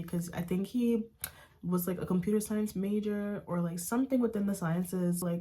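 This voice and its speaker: Mellow-voiced young woman telling a story. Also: mid-range voice, normal speed. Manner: chatty, animated storytelling, says "like" constantly, addresses viewers as y'all. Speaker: vlogger. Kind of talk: casual storytime.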